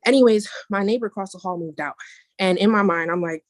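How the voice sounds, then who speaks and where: A woman of middle pitch tells a personal testimony on a video call. She rambles, restarts her sentences, and drifts into asides. Her voice comes across dry and close. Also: quick pace, no echo. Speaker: meeting member sharing a testimony. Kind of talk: casual testimony.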